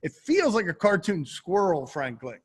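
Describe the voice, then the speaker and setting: A man's voice: high voice, sing-song, moderate pace, slightly rough. A man hosting a sports talk show, speaking in a dry, teasing way during casual chat.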